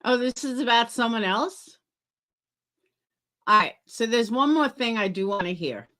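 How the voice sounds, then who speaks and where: A woman's voice: a little high, animated, a little slow, sharp tone. A woman hosting reaction commentary, making incredulous, wry asides. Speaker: commentary host.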